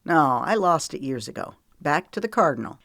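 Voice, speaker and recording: A weary, protective man, as a woman narrator puts him on in an audiobook. He talks bluntly and earnestly in a low register. The recording is close and dry. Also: big pitch swings, normal speed, fairly bright tone, dry recording, exaggerated voice. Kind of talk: audiobook character voice.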